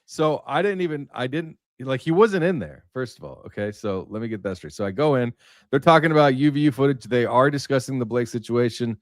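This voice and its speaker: A man's voice: mid-range voice, brisk, no echo, studio quality. A man hosting a casual livestream, telling stories in a rambling way with many fillers. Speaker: livestream host.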